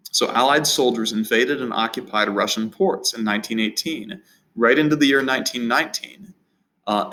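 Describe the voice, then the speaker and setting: A man's voice: mid-range voice, a bit bright, rough recording. A man teaching a history lesson in an unscripted, conversational way, often repeating words and restarting phrases. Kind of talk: recorded history lecture.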